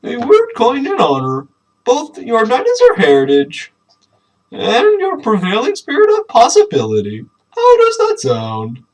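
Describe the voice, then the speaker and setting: A man reading aloud mockingly, voicing a preachy, proud dinosaur father in a high, sing-song voice. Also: huge pitch swings, unhurried, heavily acted, rough recording. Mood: gushing. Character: overly cheerful dinosaur dad, preachy and proud.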